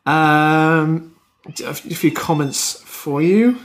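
A man's voice: fairly high pitch, takes it slowly. A man co-hosting a comedy podcast, reading out news stories and comments in a giggly, easygoing way.

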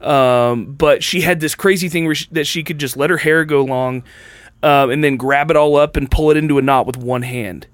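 A man's voice: on the high side, steady tone, moderate pace, no room sound. A young man telling a story in casual podcast chat, rambling with many fillers.

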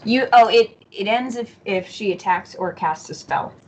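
A woman in a tabletop game who speaks quickly, directly and skeptically. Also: mid-range voice, darkish tone. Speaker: player. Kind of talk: casual game chat.

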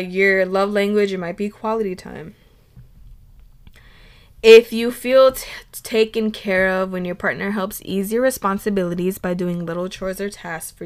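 A woman's voice: mid-range voice, clear, resonant tone. Casual young woman podcaster. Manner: casual, says "like" often, swears, laughs between points. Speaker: podcast host. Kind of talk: casual solo podcast chat.

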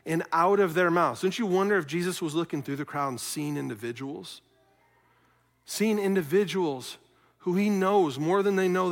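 A man preaching a sermon as pastor, earnest, swinging from loud questions to quiet, soft passages. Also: a little high, long reverb tail. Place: church sanctuary.

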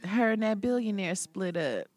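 A woman co-hosting a casual gossip chat, playful and expressive, laughing often. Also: medium pitch, normal speed. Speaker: podcast co-host.

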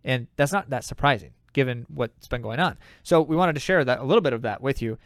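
Brief: male podcast host, mid-pitched, dry close mic, emphatic opinionated commentary. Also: animated, quick pace, no room sound. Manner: emphatic, opinionated, many fillers. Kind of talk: casual news commentary.

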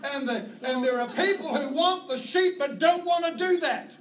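A high-voiced man with a New Zealand accent preaching a sermon from a stage. He tells stories with animated energy and sometimes shouts out herding calls. The sound is roomy and distant, with a faint hiss behind it. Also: normal speed, a crowd in the background. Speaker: pastor. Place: church auditorium. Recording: roomy, distant hall mic with faint noise.

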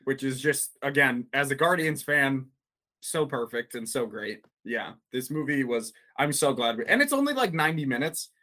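A man co-hosting a podcast in casual chat, excitable and laughing often, swearing freely. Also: mid-range voice, normal speed. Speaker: podcast co-host.

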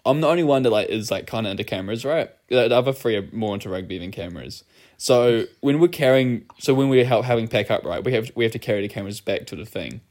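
A man's voice: medium pitch, expressive, fast talker, a little mellow. A young man, telling a rambling, laugh-filled story in casual chat.

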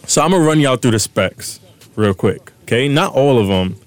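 A man's voice: mid-range voice, animated, normal speed. A young man co-hosting a podcast, chatting casually with a joking, slangy manner and explaining things at length. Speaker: podcast co-host. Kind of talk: casual chat.

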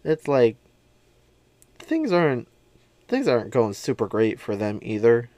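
A man's voice: mid-range voice, wildly swooping pitch, unhurried, mellow, no room sound. A man casually recapping a movie he loves, gushing and chatty, with lots of fillers.

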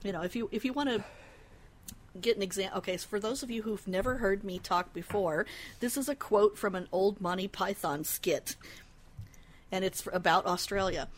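A woman from Denver chats casually as a podcast co-host, giggly and full of small hesitations. Her voice sits at an ordinary middle pitch. A faint hiss runs under the recording. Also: moderate pace. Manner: chatty, giggly, with filler hesitations. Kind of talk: casual chat.

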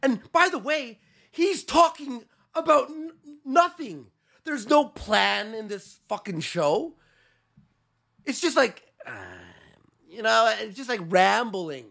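A man's voice: very high voice, lively intonation, takes it slowly, gravelly, pushed and bright. A man co-hosting a comedic podcast, cutting in with sardonic, mocking remarks. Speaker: podcast co-host.

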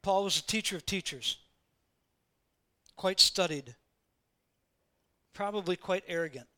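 A man's voice: sits high, unhurried, pushed and bright. A man preaching a sermon in a conversational way, repeating phrases for emphasis and acting out quoted voices. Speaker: pastor.

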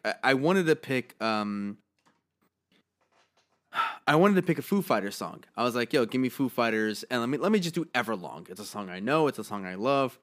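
A man co-hosting a podcast in casual chat, slightly hoarse, telling stories with lots of swearing and laughter. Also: medium pitch. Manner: animated storytelling, swears freely, laughs a lot. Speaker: podcast co-host.

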